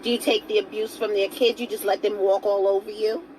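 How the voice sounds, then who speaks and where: A woman's voice: medium pitch, little pitch movement, brisk, a little mellow, a little hiss or hum, low-quality recording. A woman giving a motivational talk to camera as a self-help vlogger. She speaks earnestly and coaxingly, asks viewers direct questions and greets some of them by name.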